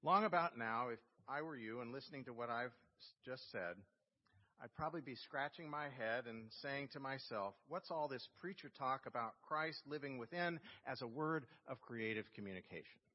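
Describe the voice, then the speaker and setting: A male pastor giving a sermon, telling a story with slow, emphatic phrasing. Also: medium pitch. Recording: long reverb in a church hall, dull lo-fi sound.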